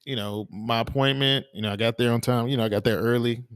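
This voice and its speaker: Speaking fast in a steady, mid-range voice, a podcast co-host rambles through casual stories with plenty of fillers and false starts. The studio-quality audio has no echo.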